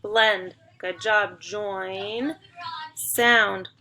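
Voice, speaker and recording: Slow, gravelly-voiced woman teacher. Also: mid-range voice, a bit bright. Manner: slow, encouraging, sounding out words. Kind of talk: phonics lesson to young students.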